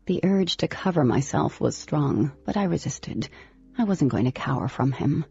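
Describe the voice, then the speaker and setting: A woman narrates a first-person novel with lively, animated delivery. Her voice is mellow, husky and gravelly. The recording is slightly lo-fi, with faint music in the background. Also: low voice, moderate pace, no room sound. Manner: expressive, animated storytelling. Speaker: audiobook narrator.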